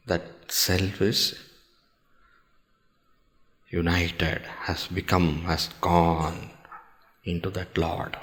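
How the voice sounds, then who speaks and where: A man giving a scripture discourse, explaining slowly and carefully, reciting Sanskrit verses and posing questions to his listeners. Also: deep voice, fairly even intonation, fairly bright tone. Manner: slow, measured explaining with pauses and rhetorical questions. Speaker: swami teaching scripture.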